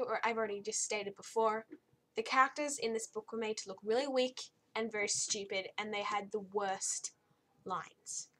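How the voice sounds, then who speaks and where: A woman's voice: fairly high pitch, fairly bright tone. A young woman giving a casual, blunt and exasperated spoken book review, rambling with frequent restarts.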